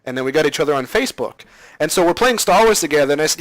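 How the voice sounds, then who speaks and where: A man hosting a casual podcast, rambling with many fillers and getting animated when he tells a story. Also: on the high side, very fast, no room sound, low-quality recording. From Florida. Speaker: podcast host, machinima creator. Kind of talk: casual chat.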